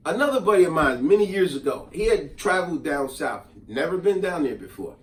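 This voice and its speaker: A man's voice: a little high, a little fast. A middle-aged man, telling a story in casual chat and acting out the voices of the people in it. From New Jersey. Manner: animated, acts out quoted voices. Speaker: host. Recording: echoey room, mic at a distance.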